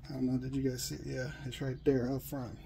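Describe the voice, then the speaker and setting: A worn-out man rants into his phone from inside a delivery van, short of breath and cursing. His voice stays flat and monotone even as he complains. The hum of the vehicle runs steadily behind him. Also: mid-range voice, brisk, vocal fry. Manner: frustrated, ranting, swearing, repeats himself. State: out of breath and sweaty. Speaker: delivery driver. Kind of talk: venting to camera.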